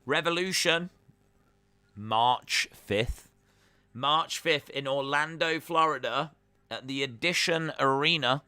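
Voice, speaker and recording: A man hosting a live reaction stream, talking casually and cracking jokes, often pausing on an uh. His voice is very bright and forward, with a crisp, clean tone. The sound is close and dry, with no room around it. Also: a little high, no room sound. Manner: chatty and joking, with many uhs.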